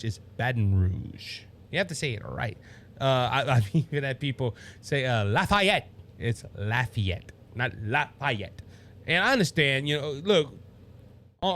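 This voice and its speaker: A man with a thick Cajun Louisiana accent hosts his own talk show at a mid-range pitch. He rambles, trips over his words and starts sentences again, chuckling at his own slips. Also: fairly bright tone. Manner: rambling, stumbles over words and restarts, laughs at himself. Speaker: podcast host. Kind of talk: casual political talk show.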